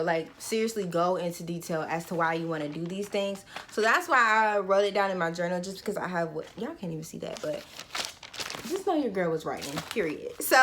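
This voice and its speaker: A woman's voice: medium pitch, fairly bright tone. A young woman talking casually and animatedly straight to her viewers in a goal-setting vlog. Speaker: vlogger.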